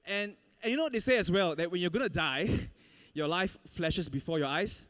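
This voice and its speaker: A man preaching a sermon, telling a personal story in an animated way and laughing often. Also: high-pitched, brisk. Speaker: pastor.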